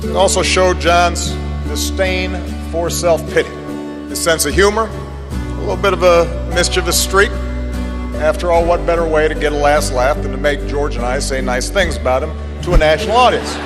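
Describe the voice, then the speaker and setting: Man, formal eulogy, dignified and measured, long hall reverb. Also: fairly high pitch. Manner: measured, dignified, with touches of humor. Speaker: speaker giving a eulogy. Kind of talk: formal speech. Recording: echoey hall with loud music under it.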